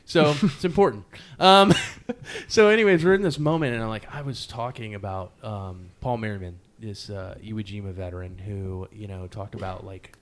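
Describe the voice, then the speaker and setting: A man with a slightly low voice hosts a relaxed podcast conversation. He talks in loose, rambling runs packed with fillers. His tone stays earnest and openly emotional. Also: normal speed, few pauses. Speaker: podcast host. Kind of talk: casual interview chat.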